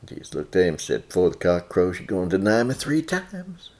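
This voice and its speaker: A man preaching a sermon in a church, who often rises sharply in pitch and loudness. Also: huge pitch swings, a little fast. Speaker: pastor.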